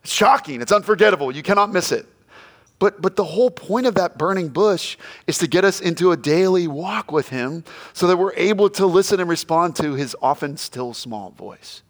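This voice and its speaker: A middle-aged male pastor preaching a sermon, dropping to a hush and then shouting out quoted lines. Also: high-pitched, fairly quick. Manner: animated, swings from hushed to shouting quotes.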